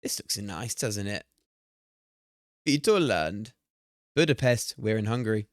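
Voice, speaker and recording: A man in his twenties streaming casually, excitable, swearing and chatting to his viewers. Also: lowish voice, measured pace, dry recording, studio quality. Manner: excitable, swears and laughs often, talks to chat. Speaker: streamer hosting a watch party. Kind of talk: casual live-stream chat while playing a guessing game.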